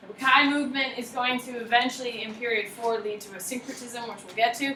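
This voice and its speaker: A woman's voice: a little high, steady tone, fast talker, bright, forceful tone, echoey room, a little hiss or hum, rough recording. A woman teaching a lecture class, chatty and self-deprecating, often asking the class questions.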